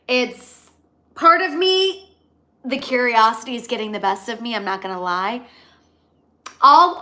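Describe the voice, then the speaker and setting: A young woman hosting a casual celebrity gossip livestream, animated and gossipy, reading out viewer comments. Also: a little high. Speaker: gossip show host.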